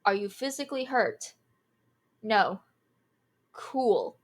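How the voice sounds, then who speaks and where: Casting note: twenty-something woman, candid, animated storyteller. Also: mid-range voice, slow. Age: 20s. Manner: animated, candid, laughs through the telling. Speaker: streamer. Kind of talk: casual storytelling.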